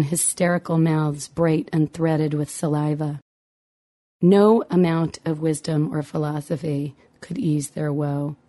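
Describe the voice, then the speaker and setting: A woman's voice: sits low, mellow. A middle-aged woman, a mother, reading her memoir aloud with dry, wry humor.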